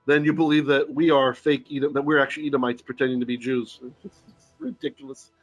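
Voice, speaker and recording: A man teaching a Torah lesson in an animated, jokey way, often checking in with his listeners. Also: medium pitch, fast talker, soft background music. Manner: animated, jokey teaching with frequent "right?" asides. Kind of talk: live-streamed Bible lesson. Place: Philippines.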